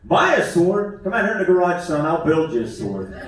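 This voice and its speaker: A man voicing a gruff, handy middle-aged father who answers everything matter-of-factly. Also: sits high, sing-song, moderate pace, a little hiss or hum. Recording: echoey theater from far off.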